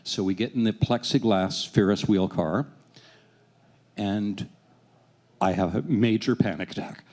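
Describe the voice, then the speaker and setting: A man in his sixties telling a personal story on stage, animated, self-deprecating and swearing freely. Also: on the low side, a little slow. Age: 60s.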